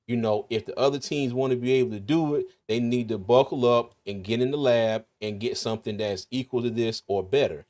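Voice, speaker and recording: A man's voice: medium pitch, brisk, few pauses, darkish tone. A man with a slight lisp hosting a casual sports talk livestream, rambling and laughing often. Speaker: podcast host.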